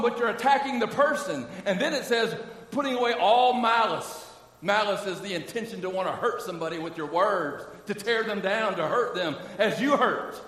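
A man's voice: sits high, a bit bright. A middle-aged man preaching a sermon as pastor, emphatic and conversational, often breaking in with "amen?" and "listen.". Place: church sanctuary. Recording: echoey hall from far off.

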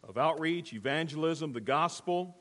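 A man's voice: a little high, normal speed, a bit bright. A male pastor delivering a sermon in a church, telling a story and drawing amens from the congregation. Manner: storytelling, emphatic, call-and-response. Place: church sanctuary. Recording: long hall reverb.

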